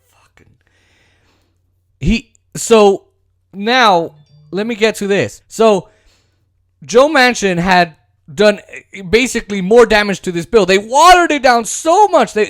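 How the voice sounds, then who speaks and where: A man's voice: high-pitched, no echo, clean studio sound. A man hosting casual political commentary, rambling and sarcastic, with frequent restarts and mocking impressions.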